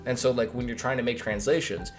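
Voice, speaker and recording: A man's voice: medium pitch, fast. A man hosting a livestream update, talking casually and animatedly, reading chat and swearing now and then. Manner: rambling, animated, swearing, reads chat aloud. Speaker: mod developer hosting a stream update. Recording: faint music behind.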